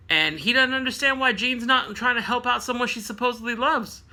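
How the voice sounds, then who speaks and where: Bright high-voiced man recapping comics. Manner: laid-back, slangy, acts out characters with quick voices. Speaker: comic book reading show host.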